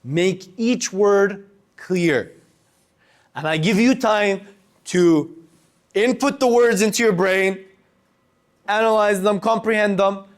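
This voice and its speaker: A young man teaching a workshop on public speaking to a live group, animated and shifting his loudness and pace to demonstrate. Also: high voice. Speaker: workshop instructor. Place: room with a live audience.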